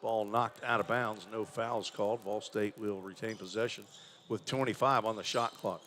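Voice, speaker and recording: Calling live college basketball at normal speed, this announcer has a fairly low, steady voice with a fairly bright tone. He keeps it conversational, thinking out loud about stats and names.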